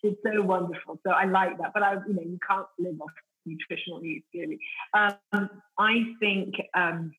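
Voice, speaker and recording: Woman, middle-aged, Italian accent, bright tone, eager and chatty podcast guest. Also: lowish voice, steady tone, normal speed, poor audio. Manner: enthusiastic, chatty, many fillers and restarts. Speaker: guest, food company founder. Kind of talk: casual podcast interview.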